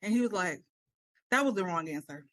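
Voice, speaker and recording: A woman's voice: lowish voice, fairly quick, no room sound. A young woman co-hosting a casual podcast chat, telling stories with dramatic, acted-out quotes. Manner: animated storyteller, acts out quotes dramatically. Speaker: podcast co-host.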